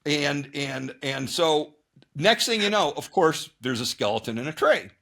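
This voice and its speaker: A man's voice: fairly high pitch, unhurried, gravelly. A man telling a long story in a casual interview, rambling and repeating words, acting out his own thoughts and other people's lines. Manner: rambling, animated, many restarts and repeated words. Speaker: guest ultrarunner.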